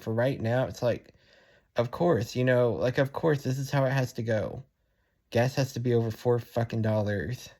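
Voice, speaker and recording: A man's voice: mid-range voice, darkish tone. Sighing, frustrated young man venting. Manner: frustrated, sighing, halting and repetitive. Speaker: vlogger. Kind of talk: personal venting vlog.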